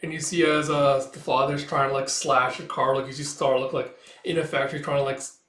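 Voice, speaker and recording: A man's voice: mid-range voice, little pitch movement, brisk, a bit bright. A man casually recapping a comic, narrating with lots of "like" and "uh". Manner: loose narration with many "like" and "uh" fillers. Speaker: manga reader and reviewer. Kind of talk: casual recap read-aloud. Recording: roomy echo.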